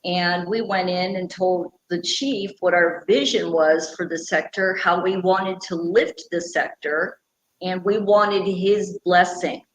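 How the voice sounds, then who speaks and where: A woman's voice: fairly low pitch, fairly even intonation, slow pace. A middle-aged woman being interviewed, talking earnestly and at length about her conservation work. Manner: earnest, passionate, explains at length. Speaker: guest, radio personality and conservation founder. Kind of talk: conversational interview. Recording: echoey room, faint background hum.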